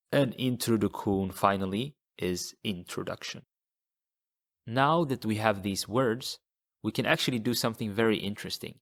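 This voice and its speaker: A man teaching a language lesson, patiently repeating model words slowly for learners to copy. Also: fairly low pitch. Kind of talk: slow, deliberate language lesson.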